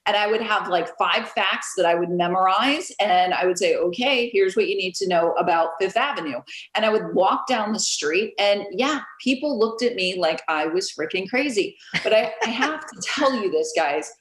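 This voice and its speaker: A woman realtor, a guest on an interview, telling stories in a lively casual way and acting out what others said, over a video call. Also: mid-range voice, moderate pace, roomy sound, poor audio. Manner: animated, storytelling, acts out quotes.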